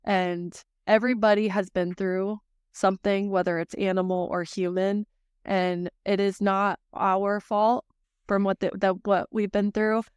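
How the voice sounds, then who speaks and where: A woman's voice: medium pitch, little pitch movement, measured pace, clean tone, no room sound, clean studio sound. A woman who runs a small dog treat business, talking as a podcast guest in an emotional, rambling way. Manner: warm-hearted, emotional, rambling with restarts. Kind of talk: casual conversational storytelling.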